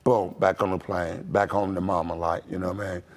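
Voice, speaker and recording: An older American man, a former basketball pro, telling stories in a relaxed, chuckling way full of "you know". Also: deep voice, fairly quick. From Toledo, Ohio, USA. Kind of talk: casual interview storytelling.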